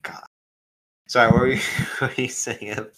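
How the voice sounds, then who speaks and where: A man's voice: medium pitch, flat delivery, normal speed, bright, forceful tone, low-quality recording. A slightly tipsy man narrating a tabletop game as its game master. His talk is loose and rambling, with plenty of restarts and laughter. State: a little drunk.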